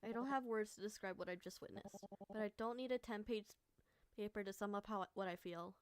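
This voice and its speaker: A woman's voice: medium pitch, fairly quick, dry recording. A woman streamer reading a story game aloud, mixing narration with emotional reactions and the occasional curse. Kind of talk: reading a visual novel aloud with commentary.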